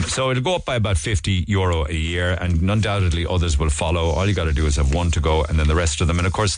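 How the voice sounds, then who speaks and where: Deep-voiced Irish radio host. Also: male voice, no echo. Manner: chatty and digressive, with frequent restarts and asides. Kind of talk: casual newspaper review chat.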